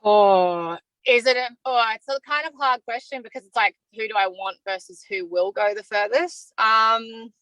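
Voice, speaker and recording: A woman's voice: fairly high pitch, normal speed, hardly any pauses, a bit bright, no echo, rough recording. An Australian woman answering interview questions openly and from the heart, talking freely about how she feels. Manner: open and heartfelt, talks freely about feelings. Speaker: evicted reality show contestant.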